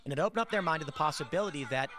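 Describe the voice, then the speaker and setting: Male host, slightly higher voice, loose rambling storyteller who restarts his sentences. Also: lively intonation, very fast. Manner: rambling, conversational, frequent restarts. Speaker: podcast host. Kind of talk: casual political commentary and storytelling.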